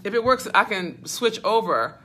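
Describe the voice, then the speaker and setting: A woman's voice: mid-range voice, lively intonation, normal speed, sharp tone, slight background noise. A woman business mentor hosting a casual livestream, fussing and laughing as she talks to viewers by name over a handheld phone. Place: hotel suite. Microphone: phone held at arm's length.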